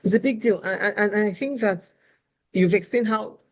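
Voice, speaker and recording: A woman host tells a personal story in a relaxed conversational flow. She is candid and animated and pokes fun at herself as she talks. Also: mid-range voice, normal speed. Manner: candid, animated, self-deprecating.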